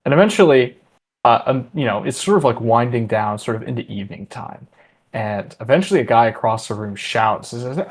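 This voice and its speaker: A man's voice: mid-range voice, lively intonation, brisk, breathy edge. A man narrating a tabletop role-playing game as game master, casual and loose with fillers.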